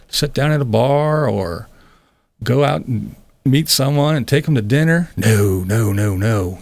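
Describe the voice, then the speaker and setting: A man's voice: a little high, creaky, darkish tone, dry recording. A middle-aged man hosting a live stream, chatting casually with viewers in a blunt, sarcastic way, swearing and laughing often. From Pennsylvania.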